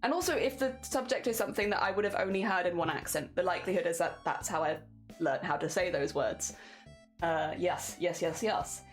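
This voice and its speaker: A woman's voice: lowish voice, a little fast, soft background music. A woman with an English accent, chatting casually with her viewers while she crafts and laughing often. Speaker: craft streamer.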